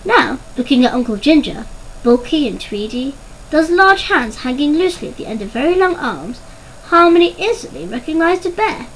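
High-voiced woman narrating a storybook. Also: slight background noise, rough recording. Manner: expressive, measured.

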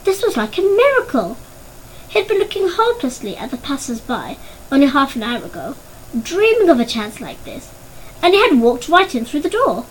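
A woman reads a story aloud as an audiobook narrator, her voice high and very lively in pitch. She tells it expressively, bringing the scenes to life. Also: normal speed, slight background noise, low-quality recording.

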